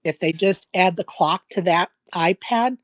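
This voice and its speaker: A woman's voice: fairly low pitch, measured pace, dry recording. A woman hosting a casual podcast chat, talking emphatically and repeating her points for stress, with a case of the hiccups. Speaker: podcast host.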